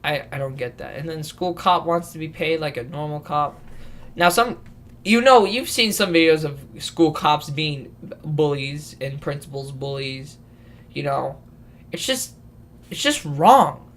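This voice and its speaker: A man's voice: on the high side, animated, measured pace, a bit bright. A young man in his late teens rambling through a casual podcast rant, swearing and restarting his sentences often. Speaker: vlogger.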